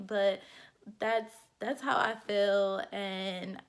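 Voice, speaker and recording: A woman's voice: medium pitch, fairly even intonation, a little slow, fairly bright tone, a little hiss or hum. Earnest young woman vlogging heartfelt thoughts. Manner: earnest, heartfelt, rambling with many fillers. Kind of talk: candid personal vlog.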